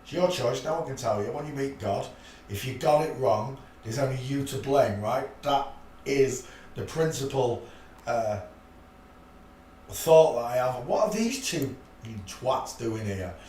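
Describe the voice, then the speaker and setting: A man's voice: mid-range voice, lively intonation, unhurried, a little mellow. A man hosting a rambling live stream, muttering to himself and chuckling in a blunt, offhand way. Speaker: channel host. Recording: echoey room, mic at a distance, faint hiss.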